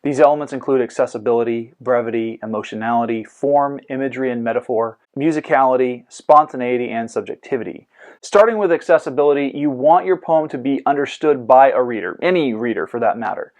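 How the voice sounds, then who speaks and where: A man hosting a scripted educational podcast about poetry, lecturing clearly and dropping in goofy comic asides. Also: medium pitch, a little fast, darkish tone. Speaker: host.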